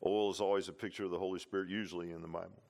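Guy preaching a sermon, lowish voice, keeps repeating stuff and going huh? amen?. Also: fairly even intonation, rapid-fire, creaky, a little mellow. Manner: impassioned preaching, repeats lines for emphasis, "huh?" and "amen" asides. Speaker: pastor.

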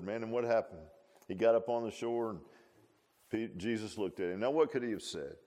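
Folksy preacher with a low voice. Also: male voice, a little fast, warm tone. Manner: folksy, conversational, rhetorical questions. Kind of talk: sermon.

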